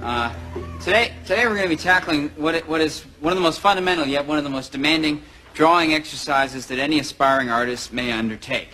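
A hesitant, stammering male art teacher, as an actor plays him in a comedy sketch. His voice is bright and slightly raised, with faint room noise in the background. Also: on the high side, rough recording.

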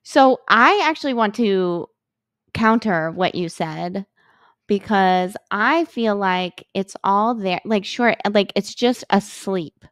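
A woman's voice: mid-range voice, slow, fairly bright tone, dry recording, clean studio sound. A woman from the United States, a podcast guest, talking in a chatty, filler-heavy conversational way. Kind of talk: casual conversation.

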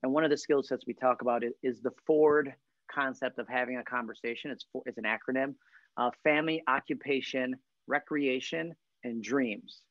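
A man's voice: medium pitch, normal speed, fairly bright tone, no room sound, dull audio. A man, a real estate trainer, talking in a casual upbeat way and joking as he acts out small talk. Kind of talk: casual podcast chat.

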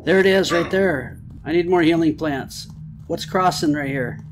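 A man giving excitable let's-play commentary on a horror game, swearing and talking to the game. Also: a little high, unhurried, noisy background. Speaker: gamer.

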